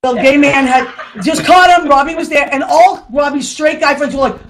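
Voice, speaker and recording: A woman's voice: sits high, normal speed. A woman host, telling family stories with jokes and laughter. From Boston area. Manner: animated, joking, laughing often. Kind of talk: lively family storytelling on a show. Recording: noisy room.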